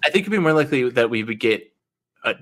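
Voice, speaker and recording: A young man talking as a podcast co-host in loose chat. He rambles, leans on fillers and breaks into giggles easily. His voice sits at an everyday middle pitch. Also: animated, quick pace, a bit bright. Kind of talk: casual chat.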